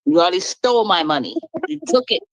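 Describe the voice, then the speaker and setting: A woman's voice: lowish voice, big pitch swings, quick pace, dry recording, poor audio. Blunt, emphatic woman venting. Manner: blunt, emphatic, laughing between points. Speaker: guest speaker. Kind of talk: candid personal venting.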